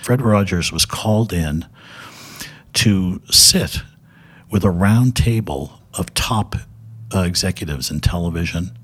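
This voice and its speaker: Deep and slow with a breathy edge, the voice is that of an older TV director on as a guest. He spins casual anecdotes in a meandering way, stumbling into restarts and fillers and laughing often.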